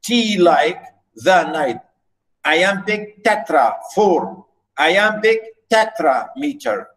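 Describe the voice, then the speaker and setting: A man giving a university lecture on poetry, reading verse aloud slowly and often repeating himself with fillers. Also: high voice, expressive, fairly bright tone, low-quality recording. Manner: slow, with frequent repetitions and fillers.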